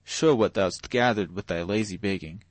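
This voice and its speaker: A cruel, jeering pauper father from a storybook, loud and coarse as he barks at his family, played by a male narrator. His voice is pushed forward and rough, in a dry close recording. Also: lowish voice, measured pace, dry recording, close to an everyday voice. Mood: bullying. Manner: shouting, coarse, bullying. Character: brutal drunken father, middle-aged man, jeering.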